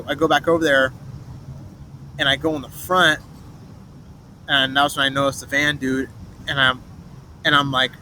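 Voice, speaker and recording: A man's voice: on the high side, bright, forceful tone. A young man rambling through a personal story, swearing and restarting often. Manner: rambling, restarts, swears, mimics others' voices in quotes. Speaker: vlogger telling a personal story. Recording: noisy street, traffic behind.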